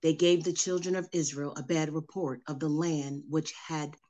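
A woman reading scripture aloud at a Bible study, halting and repeating words as she goes. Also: deep voice, steady tone, dark tone.

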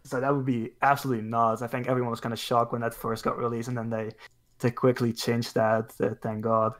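A man's voice: mid-range voice, little pitch movement, brisk. A man guesting on a casual gaming podcast, easygoing and agreeable. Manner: easygoing, agreeable, lots of "mm-hmm" replies.

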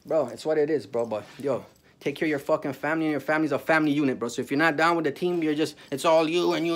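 A man rants at the camera in a fast, profane tirade, calling out people he is angry with. His voice sits high and quick. He drops to a mutter, then bursts into shouting, with "bro" and "yo" everywhere. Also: steady tone. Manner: peppers speech with "bro" and "yo". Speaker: vlogger. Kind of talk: angry ranting monologue.

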